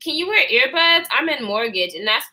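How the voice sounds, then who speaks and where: A woman's voice: high voice, very animated, normal speed, bright, forceful tone. A woman in her twenties chatting in a candid storytime vlog, profane and chatty, answering comments. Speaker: vlogger. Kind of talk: storytime chat with live comments.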